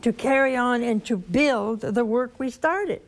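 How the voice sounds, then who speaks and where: Slow Southern woman preaching. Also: on the high side. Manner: slow storytelling with animated rises and soft whispers. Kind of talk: sermon.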